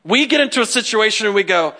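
Man preaching, joking and conversational, high voice, bright tone. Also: lively intonation, fast. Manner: joking, talks straight to the congregation. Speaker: pastor. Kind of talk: humorous conversational sermon.

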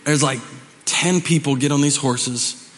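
A man's voice: mid-range voice, measured pace, background noise. Preaching man in a reverberant church. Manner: dramatic storytelling, swings from shouting to hushed. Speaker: pastor. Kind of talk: sermon. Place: church sanctuary.

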